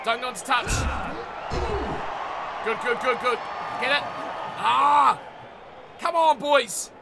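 Shouty excitable man playing a rugby game. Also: extremely high pitch, slow pace, gravelly, over a noisy crowd, heavy background noise. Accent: New Zealand. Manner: shouts at the game, mock insults, then mutters. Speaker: gaming YouTuber.

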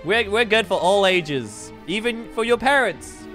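A British woman hosting a playful game roleplay, giggly and excitable. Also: medium pitch, measured pace, music in the background. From Britain. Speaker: host and roleplayer.

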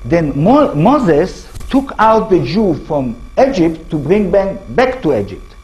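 A middle-aged man with an Israeli accent giving a public lecture in halting English, restarting phrases and putting questions to the audience. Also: high voice, very animated, darkish tone, slightly rough, rough recording.

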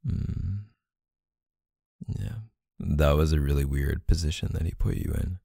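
A man in a whispered role-play as a boyfriend, talking softly and affectionately in murmurs. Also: rumbling low, a little slow, gravelly, slightly rough, no room sound, clean studio sound. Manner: soft, murmuring, affectionate and emotional.

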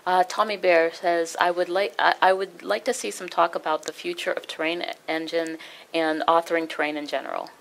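A woman's voice: on the low side, little pitch movement, fairly quick, gravelly. A woman hosting a livestream, reading viewer questions aloud in a casual way. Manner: reads questions aloud, brief acknowledgements.

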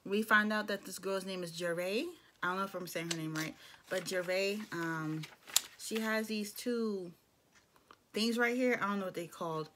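A woman's voice: medium pitch, pushed and bright. A young adult woman giving a casual, opinionated recap of a reality show, with blunt asides. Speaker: show reviewer.

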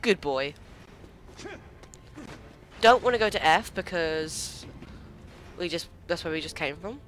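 A man giving casual gameplay commentary, excitable, squealing and swearing when startled. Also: on the high side, slow, a little hiss or hum. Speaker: let's play gamer.

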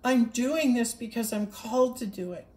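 A woman's voice: fairly high pitch, moderate pace, darkish tone, roomy sound. A woman giving an earnest spiritual monologue, repeating herself and stumbling over restarts as she speaks. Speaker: spiritual livestreamer.

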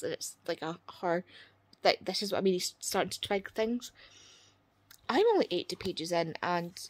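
A young woman, chatting casually about a book she is reading in a vlog, retelling scenes with quoted voices and quick asides. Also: on the low side, no room sound. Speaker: book vlogger.

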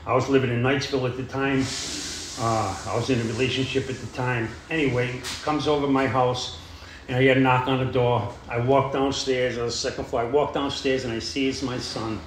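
A man's voice: mid-range voice, steady tone, a little fast, a little hiss or hum. Plain-spoken man in an echoey room. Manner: plain-spoken, rambling, frequent "you know" and "uh". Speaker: AA speaker sharing his story. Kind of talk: recovery talk, storytelling.

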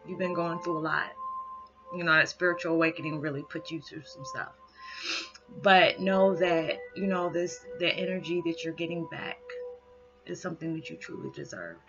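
A woman giving a heartfelt spiritual message, close to tears, speaking haltingly and filling pauses with "you know". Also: deep voice, expressive. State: holding back tears. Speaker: spiritual reader. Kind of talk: emotional spiritual message vlog. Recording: dull lo-fi sound with music behind. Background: background music.

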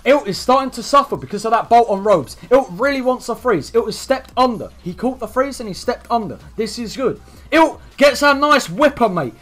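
A young man streaming excited play-by-play commentary on a game tournament, swearing freely and rambling into jokes and asides. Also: very high voice.

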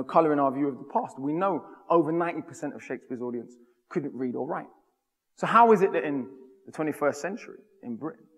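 A man from the United Kingdom giving a public talk, with a rhythmic, emphatic delivery. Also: a little high. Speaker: speaker. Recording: long hall reverb.

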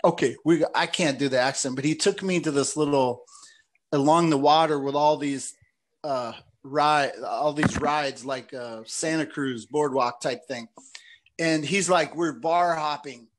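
A man's voice: fairly high pitch, unhurried. A man hosting a casual chat, telling long rambling stories and saying "dude" and "like" often. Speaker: podcast host.

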